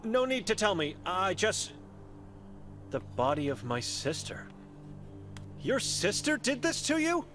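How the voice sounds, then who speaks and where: An actor playing an earnest monk investigator in a video game, asking polite, gently probing questions. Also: male voice, high voice, sing-song, measured pace, long pauses, over music. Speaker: game character.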